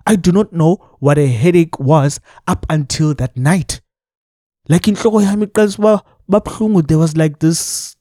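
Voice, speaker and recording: Animated South African young man telling a story. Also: on the high side, no echo, clean studio sound. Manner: animated, mixing English with local phrases, laughs through the telling. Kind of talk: casual storytime monologue.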